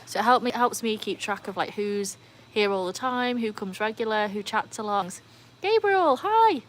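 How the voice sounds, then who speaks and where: A young British woman hosting a live stream, chatting casually with viewers and breaking into high cheering whoops. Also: steady tone, normal speed, a bit bright. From United Kingdom. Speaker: livestream host.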